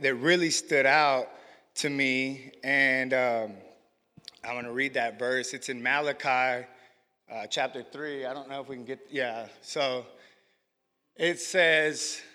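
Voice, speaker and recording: A young man giving a casual, slangy testimony to a church congregation. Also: medium pitch. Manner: casual, slangy storytelling with growing excitement. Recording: echoey hall with long reverb.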